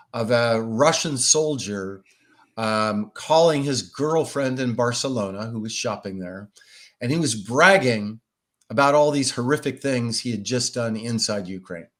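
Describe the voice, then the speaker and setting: Man, interview guest, thoughtful, restarts often, mid pitch. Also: lively intonation, unhurried, a bit bright. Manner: thoughtful, with frequent restarts and hedging fillers. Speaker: guest, Russia expert. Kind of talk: conversational interview answers.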